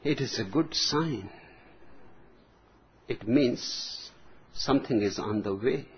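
Slow, husky-voiced male spiritual teacher. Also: medium pitch. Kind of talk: spiritual discourse. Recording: dull lo-fi recording.

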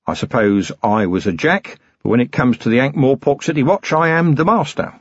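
A man's voice: medium pitch, lively intonation, fairly quick, dry recording, dull audio, voice pushed up, natural voice. A man reading an audiobook voices a blunt, stubborn male watch commander who answers in dry retorts.

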